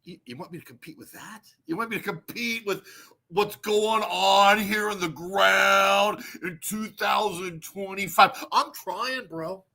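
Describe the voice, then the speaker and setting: Bright-voiced man ranting profanely. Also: sits high, a little slow, creaky. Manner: profane, rambling, laughs at own jokes. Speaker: livestream host. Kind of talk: casual ranting livestream monologue.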